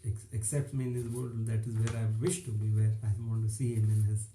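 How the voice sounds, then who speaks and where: Emphatic preacher man, dark echoey voice. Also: fairly low pitch, flat delivery, a little fast, a little hiss or hum. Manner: emphatic, repetitive, chuckles between phrases. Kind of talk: informal online sermon.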